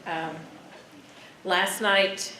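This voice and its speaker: A woman's voice: medium pitch, steady tone, very slow, bright, forceful tone, slight background noise. A woman speaking folksily and affectionately at a ceremony in a senior center hall, as the local veterans affairs officer. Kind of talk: informal ceremony speech. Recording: echoey hall with crowd murmur.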